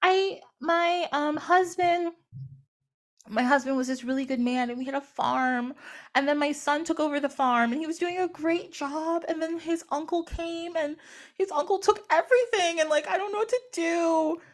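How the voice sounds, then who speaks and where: A woman voicing a goddess disguised as a grieving widow, in a high, halting, plaintive voice. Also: natural voice. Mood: upset.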